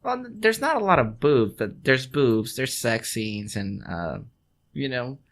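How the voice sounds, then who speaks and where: A man's voice: medium pitch, sing-song, unhurried, a bit bright. A man co-hosting a podcast in casual chat, rambling and swearing, with many restarts and laughs. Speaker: podcast co-host.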